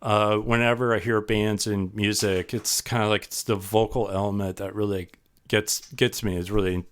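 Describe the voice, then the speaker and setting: A man's voice: fairly low pitch, level tone, normal speed. A man guest on a podcast, telling a rambling, self-deprecating story with many fillers and restarts. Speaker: podcast guest, sound artist. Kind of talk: casual storytelling in a podcast interview.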